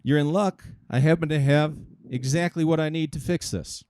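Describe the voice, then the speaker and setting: A man's voice: fairly high pitch, normal speed, a little mellow, clean tone, dry recording, natural voice. A man voicing a matter-of-fact country vet in a comedy bit. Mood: breezy.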